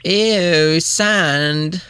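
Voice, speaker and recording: A man's voice: a little high, very slow, sharp tone, clear, resonant tone, no room sound, pitched above the performer's own voice, heavily acted. A man voicing a whiny, lovestruck woman companion in a raised tone.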